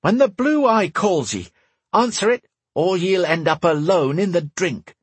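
A man voicing a fierce young woman pirate captain who turns to gruff pirate swagger when she commands her crew. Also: high-pitched, animated, a little slow, dry recording, pitched above the performer's own voice, heavily acted. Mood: pirate bravado.

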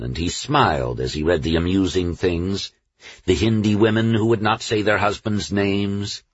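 A man reading a novel aloud as a narrator, in a measured storytelling manner. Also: deep voice, slightly rough, dry recording. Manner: measured storytelling, slows on lists. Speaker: audiobook narrator. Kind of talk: scripted narration. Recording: dull, dry studio recording.

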